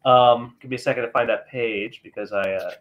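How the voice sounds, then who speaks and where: A man's voice: mid-range voice, fairly even intonation, fairly quick, muffled recording. A man hosting a podcast in casual chat, rambling and swearing as he loses his train of thought. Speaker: podcast host.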